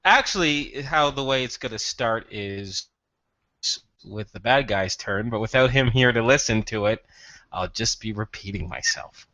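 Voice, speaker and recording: A man's voice: mid-range voice, unhurried, sharp tone, dry recording. A man running a tabletop role-playing game over voice chat, joking and laughing often. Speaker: game master.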